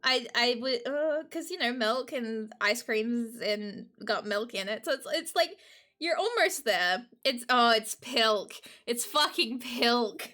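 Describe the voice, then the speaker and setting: A woman's voice: fairly high pitch, expressive, a little slow, sharp tone. A young woman chatting casually to her live-stream audience, giggly and emotional. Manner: giggly, emotional, talks to chat.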